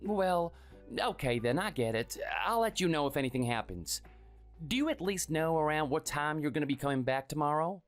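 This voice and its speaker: A man's voice: animated, normal speed, faint music behind, natural voice. A man playing a timid, sickly husband in his thirties who is meek and apologetic. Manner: meek and apologetic, raised pitch. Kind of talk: dramatized story dialogue and first-person narration.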